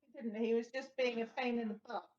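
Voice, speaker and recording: A woman's voice: a little high, fairly even intonation, brisk, darkish tone, slight background noise. A woman with an Australian accent who plays at a tabletop game, speaking hesitantly and lightly. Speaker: player. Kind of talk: in-character chat at a game table. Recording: echoey, dull lo-fi room.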